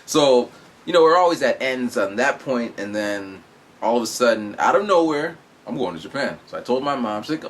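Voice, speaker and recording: A young man casually telling a personal story, animated, acting out other people's voices. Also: fairly low pitch, moderate pace, slight background noise. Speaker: vlogger telling his story.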